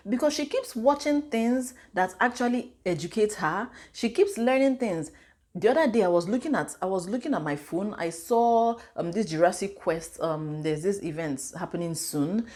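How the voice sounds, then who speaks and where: Nigerian-accented woman, thirties, casual vlog, mid-pitched voice, lively storyteller. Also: moderate pace. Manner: chatty, animated storytelling with pidgin and Igbo asides. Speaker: vlogger and mother.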